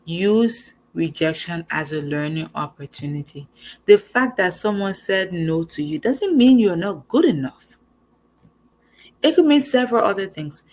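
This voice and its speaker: A young woman giving a casual motivational talk as host, animated and conversational. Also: lowish voice, unhurried. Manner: animated, conversational, acts out quoted lines.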